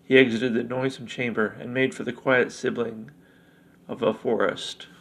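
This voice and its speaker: A man narrating a fantasy story in a measured way, with small slips. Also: mid-range voice, level tone, rough recording.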